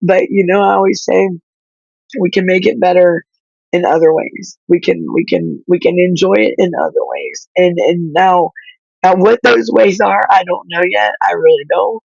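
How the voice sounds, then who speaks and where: A woman whose child is in foster care, speaking through tears in halting, pleading talk that stops and restarts. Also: lowish voice, lively intonation, vocal fry, darkish tone, breathy edge, dry recording, lo-fi sound. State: crying, tearful. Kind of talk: emotional livestream talk.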